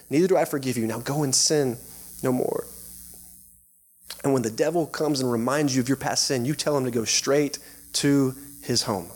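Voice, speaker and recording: Casual Texan pastor preaching. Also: male voice, a little high, darkish tone. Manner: casual, conversational preaching with frequent laughs and fillers. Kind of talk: sermon. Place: church sanctuary.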